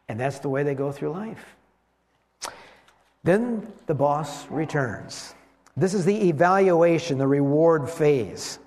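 A man's voice: on the high side, expressive, slow pace, a little mellow. Conversational male preacher, rhetorical questions. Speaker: pastor. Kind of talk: sermon.

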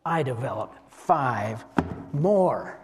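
A man's voice: medium pitch, animated, drawn-out words, music in the background, voice pushed down. A man doing a proud servant. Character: proud male servant showing his gains.

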